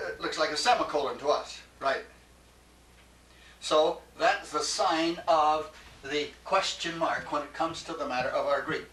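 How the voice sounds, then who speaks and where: Male teacher, bright and fairly high voice, patient. Distant, echoey classroom recording with faint hiss. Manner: patient, repeats questions, gentle laughs. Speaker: Greek teacher. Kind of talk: classroom lecture.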